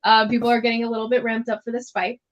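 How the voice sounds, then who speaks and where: A woman's voice: on the high side, flat delivery, quick pace. Chatty woman game master, lo-fi. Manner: loose, chatty narration. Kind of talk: narrating a tabletop game.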